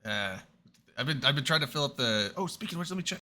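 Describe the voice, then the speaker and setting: A man's voice: medium pitch, animated, fast talker, sharp tone. A man co-hosting a casual online talk show, rambling with stumbles and restarts and laughing often. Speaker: podcast co-host. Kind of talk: casual chat among friends.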